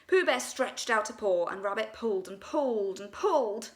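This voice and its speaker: A woman storyteller reading a children's story aloud in a gentle, expressive way. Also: mid-range voice, normal speed.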